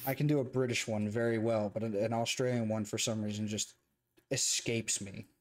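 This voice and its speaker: A man co-hosting a casual review chat, talking in a rambling, profane, animated way. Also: on the low side, normal speed, a little hiss or hum. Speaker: co-host reviewing a show.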